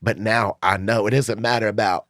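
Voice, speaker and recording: Deep-voiced man hosting a podcast. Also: fairly even intonation, normal speed, no room sound, clean studio sound. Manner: earnest and grateful, with soft agreeing replies. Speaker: podcast host. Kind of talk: casual interview chat.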